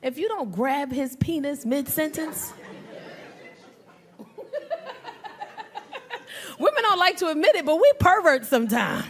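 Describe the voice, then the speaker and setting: Brash woman comedian, lively high voice. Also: normal speed, long pauses, a little hiss or hum. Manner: brash, crowd work, acts out voices. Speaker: stand-up comedian. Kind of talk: stand-up comedy. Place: comedy club stage with audience. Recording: live club with crowd laughter.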